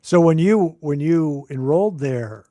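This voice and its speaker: A man's voice: a little high, lively intonation, unhurried, dark tone, no echo. Host guy in his 50s, dry close sound, eager fan questions. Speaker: podcast host. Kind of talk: casual interview chat.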